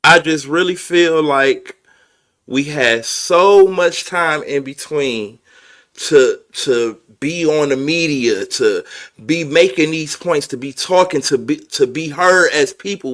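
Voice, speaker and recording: A man's voice: on the high side, slow pace, a bit bright. Emphatic man hosting a podcast. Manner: emphatic, addresses viewers as y'all, swears. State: emotional. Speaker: podcast host. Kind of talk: casual commentary.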